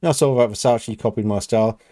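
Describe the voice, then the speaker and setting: A British man talks through his reactions in a casual, rambling way, padding his thoughts with "you know." His voice sits low and mellow. The sound is dry and close. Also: fast, dry recording. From United Kingdom. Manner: rambling, thinking aloud with many "you know"s. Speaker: reaction video host.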